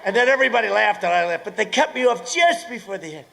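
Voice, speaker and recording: A man in his seventies giving a rally speech, rambling through sarcastic asides, repeating phrases and breaking into shouts. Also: high voice, expressive, fast, vocal fry, slight background noise. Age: 70s. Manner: bursts into shouting. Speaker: politician addressing a rally.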